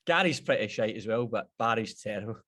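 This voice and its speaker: A man's voice: on the low side, expressive, fairly quick, fairly bright tone. A man with a Scottish accent co-hosting a podcast from a gym, bantering bluntly. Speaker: podcast co-host, strength coach. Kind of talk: casual podcast chat.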